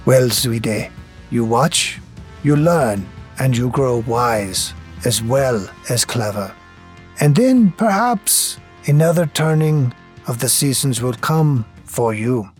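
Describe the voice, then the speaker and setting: A man voicing a wise old male tribal elder who speaks slowly and in measured phrases. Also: mid-range voice, lively intonation, faint music behind. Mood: gently stern. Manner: slow, measured.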